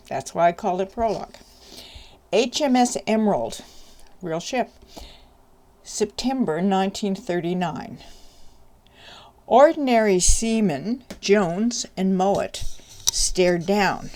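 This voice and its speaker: Lady reading her own mystery novel out loud, chatty and joking about herself. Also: on the low side, unhurried, pauses often. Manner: chatty, self-deprecating. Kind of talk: book reading with chatty asides.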